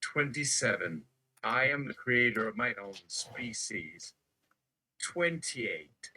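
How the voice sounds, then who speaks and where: A man's voice: medium pitch, expressive, takes it slowly, sharp tone, slight background noise, poor audio. A man on a live stream reciting numbered declarations one after another in a chanting manner. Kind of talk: slow counting recitation.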